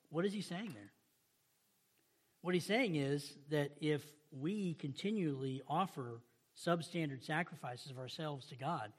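A male pastor preaching a sermon, reading scripture aloud and asking the congregation rhetorical questions in a conversational way. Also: on the high side.

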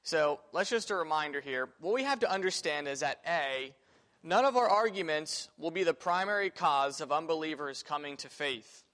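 A man's voice: a little high, a bit bright. Man teaching a class in an echoing room. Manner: conversational, thinks aloud with fillers and restarts. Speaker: Sunday school teacher. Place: church classroom. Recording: reverberant room.

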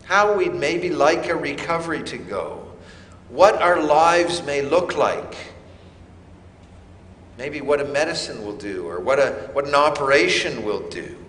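A man preaching a sermon, slow and emphatic with dramatic pauses. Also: on the high side, lively intonation, fairly bright tone, roomy sound, big-room sound, slight background noise. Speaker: pastor.

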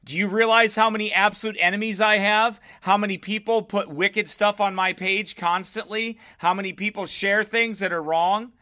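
A man's voice: high-pitched, fairly even intonation, normal speed, few pauses, bright, forceful tone. A man pastoring a livestream, firmly answering viewer comments and repeating himself for emphasis. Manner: firm, defensive, repeats himself.

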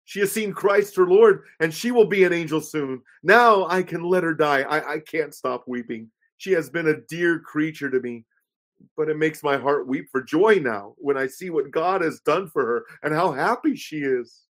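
A man's voice: fairly high pitch, normal speed, voice pushed up, close to an everyday voice. A man voicing an old woman who exclaims and repeats herself through tears. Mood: tearful joy. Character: old woman, tearful, overjoyed.

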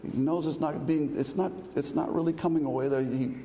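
A man's voice: a little high, fairly even intonation, brisk, mellow. A man preaching an expository sermon, restarting phrases often and building to emphatic declarations. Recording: long reverb in a hall, faint ambient noise.

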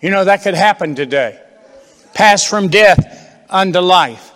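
A man's voice: high-pitched, lively intonation, measured pace, fairly bright tone, big-room sound. A man preaching a fervent sermon, firing rhetorical questions and repeating phrases for emphasis.

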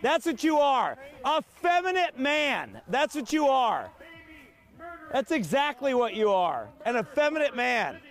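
A man's voice: extremely high pitch, big pitch swings, a little slow. A man, a street preacher, preaching in a confrontational way, insistent, repetitive and sarcastic.

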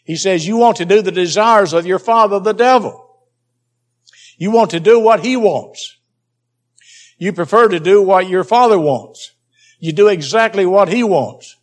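A man's voice: high-pitched, measured pace, long pauses. A man preaching a Bible teaching sermon, emphatic and repeating key phrases for stress.

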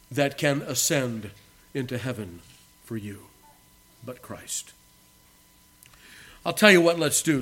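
A pastor preaching an emphatic sermon, swinging between loud declarations and hushed endings. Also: male voice, mid-range voice.

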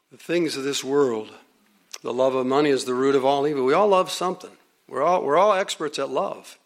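A man preaching a sermon, earnest and emphatic, repeating phrases and reading hymn and scripture lines slowly. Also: on the high side.

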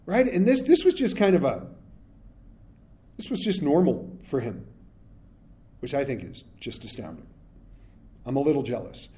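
A man's voice: mid-range voice, sing-song, moderate pace, pauses often, dark tone. A man preaching a sermon in a conversational way, often asking "right?" and acting out the people of the story. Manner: conversational, asks "right?" often, acts out Bible characters. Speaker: pastor.

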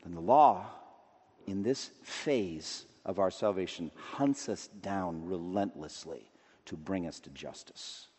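A man preaching a sermon with emphatic delivery, rising to loud declamation and dropping low again. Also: slow pace, breathy edge. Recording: long reverb of a large hall.

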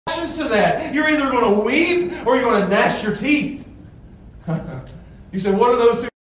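A man preaching a sermon, swinging between shouted intensity and quiet, low asides. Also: unhurried. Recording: very echoey, distant from the mic, faint noise.

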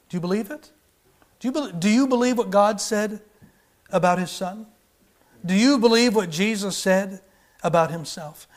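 A man preaching a sermon, driving his points with emphatic repetition and rhetorical questions. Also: high voice.

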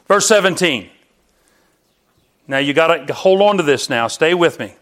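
A man's voice: high voice, expressive, moderate pace, long pauses, fairly bright tone. A middle-aged man preaching a sermon as pastor, emphatic and firing rhetorical questions at his congregation.

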